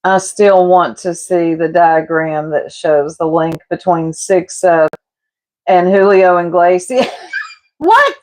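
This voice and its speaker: Slow-talking gossipy woman. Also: lowish voice. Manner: gossipy, laughing, teasing, addresses chat as y'all. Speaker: livestreamer chatting with viewers. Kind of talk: casual livestream chat while cooking.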